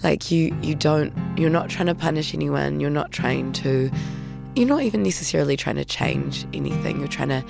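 Podcast host, gravelly and lilting, speaking over plucked guitar. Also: medium pitch, big pitch swings, moderate pace. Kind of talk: reflective podcast commentary.

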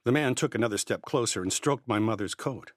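A man's voice: lowish voice, brisk, no echo, studio quality. Man reading a first-person story. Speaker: narrator.

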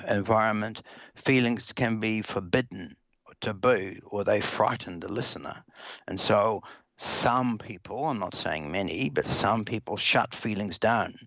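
A man talking as an interview guest, explaining at a brisk clip and often restarting or repeating words. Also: fairly low pitch, fairly bright tone, dry recording, highs cut off. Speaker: guest expert on listening to children.

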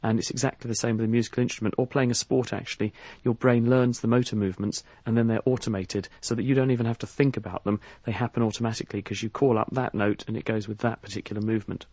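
A man's voice: lowish voice, fairly even intonation, fast, few pauses, a little mellow, no echo. Man explaining science on radio. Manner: fluent, enthusiastic explainer with occasional restarts. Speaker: science expert on a call-in radio show. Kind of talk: explaining answers to callers.

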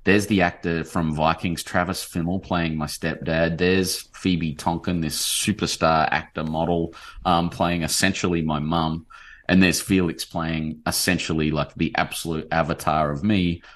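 Deep-voiced Australian man telling stories. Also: moderate pace. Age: 40s. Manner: animated, rambling storyteller, full of fillers. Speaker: novelist guest. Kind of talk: casual interview chat.

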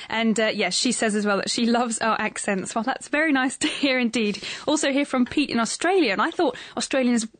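A woman's voice: fairly high pitch, no room sound. A woman with an English accent co-presenting a radio science show in a chatty manner, reading out listener emails.

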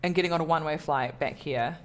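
Speaking quickly in a low register, this woman comedian guest talks loosely during an interview. Her self-deprecating chatter is full of false starts and filler words.

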